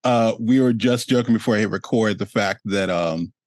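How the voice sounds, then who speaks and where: Low-voiced, dry-sounding male host. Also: darkish tone, no room sound. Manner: rambling, with many fillers, quick laughs and acted-out quotes. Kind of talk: casual interview chat.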